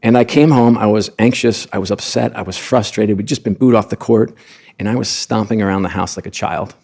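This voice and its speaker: A man's voice: on the low side, steady tone, a little fast, creaky, a little mellow. A middle-aged man, a sports executive appearing as a podcast guest, telling personal stories earnestly and with frequent restarts. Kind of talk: conversational storytelling.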